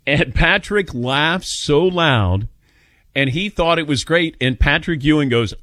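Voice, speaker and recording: A man's voice: a little high, a little slow, no echo, clean studio sound. A man hosting a sports talk radio show, telling stories casually and taking calls. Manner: animated anecdote-telling, mimics voices in quotes.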